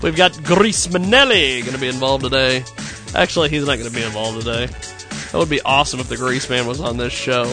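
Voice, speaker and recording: A man's voice: medium pitch, fairly quick, over music. A man hosting a radio show, rambling and joking and laughing at himself. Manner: animated, jokey, laughs at himself. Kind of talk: rambling comedic radio talk.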